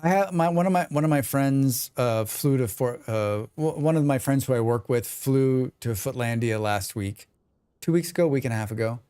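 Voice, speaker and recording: A man chatting casually on a gaming livestream, excitable and swearing freely while he talks to his viewers. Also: mid-range voice, normal speed, clean tone, dry recording.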